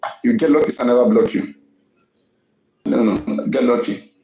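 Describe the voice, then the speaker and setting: A man's voice: medium pitch, moderate pace, mellow, roomy sound, a little hiss or hum, low-quality recording. Emphatic Nigerian man hosting a live stream. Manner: emphatic, repeats words often. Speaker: live-stream gossip host. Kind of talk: casual live-stream commentary.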